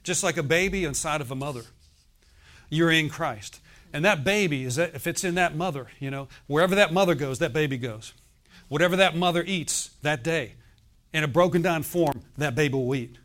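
Preaching from the pulpit, a man in his sixties uses a fairly high, fairly bright voice at a normal speed. He drives his points home emphatically and often calls on the congregation to answer his questions.

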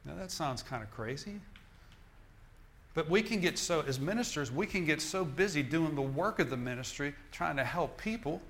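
A man's voice: a little high, lively intonation, normal speed, a bit bright. A male minister preaching a sermon in an emphatic, repetitive style, often restarting his phrases.

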